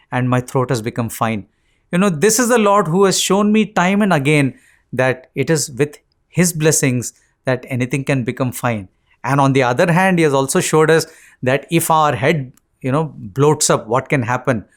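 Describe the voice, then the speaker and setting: Earnest Indian man recounting devotional stories. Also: a little high. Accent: Indian English. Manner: earnest storytelling with many fillers. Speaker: satsang speaker. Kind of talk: devotional personal talk.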